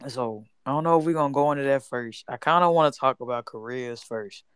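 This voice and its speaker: A man's voice: mid-range voice, brisk, a bit bright, clear, resonant tone, no echo, clean studio sound. A young man hosting a casual group chat, with laid-back slangy banter and frequent laughter. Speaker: host.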